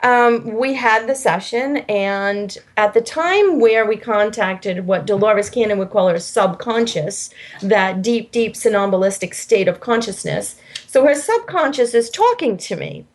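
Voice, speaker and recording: Woman guest in an interview, mid-pitch voice, lively storyteller who does little voices. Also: unhurried, hardly any pauses. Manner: animated storyteller, acts out quoted voices. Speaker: guest, hypnosis healing practitioner.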